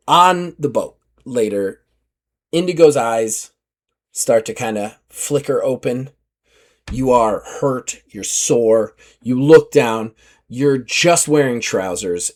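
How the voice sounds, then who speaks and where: A man at a mid-range pitch runs a tabletop game and narrates the action vividly. He talks loosely and casually, full of "like" and quick asides. He sounds like a relaxed host. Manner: vivid, animated storytelling with filler "like". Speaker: game master.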